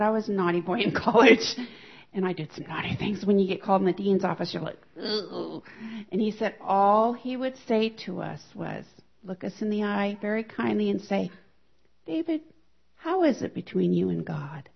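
A woman stands before her church and shares a personal testimony, moving freely through her story and putting on the voices of the people she quotes. Her voice sits at an ordinary pitch for a woman. The recording is dull and lo-fi. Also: steady tone, brisk. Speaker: church member sharing a testimony.

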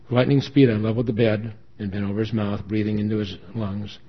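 A man's voice: lowish voice, steady tone, quick pace, breathy edge. A man reading a dramatic first-person story with earnest emotion. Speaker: story reader. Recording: dull lo-fi recording.

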